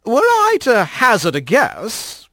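A man's voice: high-pitched, huge pitch swings, a little slow, a bit bright, no room sound, exaggerated voice. A man voicing a scarred old male kit fox, a courtly trickster who speaks with a lilting lilt and formal, sly phrasing.

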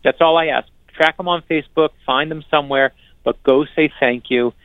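Male author guest, energetic and earnest storyteller, gravelly, phone-quality audio. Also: on the high side, dry recording. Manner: earnest, energetic, quick restarts and repetitions. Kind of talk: animated storytelling conversation. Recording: dry, narrow phone-like sound.

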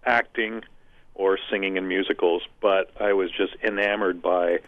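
A man's voice: sits low, steady tone, moderate pace, dry recording. A middle-aged man who owns and co-founded a community theater, talking earnestly and methodically in an interview, drawing long comparisons. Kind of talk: casual interview talk. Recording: tinny phone-like line.

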